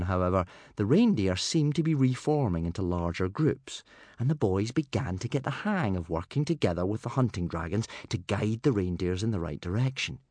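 Lively male storybook narrator. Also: lowish voice, no echo. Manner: animated, lively reading. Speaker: audiobook narrator.

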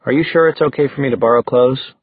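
A man's voice: mid-range voice, quick pace, breathy edge, no room sound. A man voicing an awkward, good-humored young man in an audiobook. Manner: awkward, joking. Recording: dry, phone-like thin sound.

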